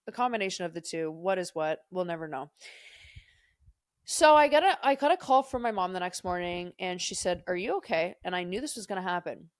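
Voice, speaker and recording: This young podcast co-host has a fairly low voice, and the recording is dry with clean studio sound. Chatting casually, she rambles through a profane story that keeps digressing.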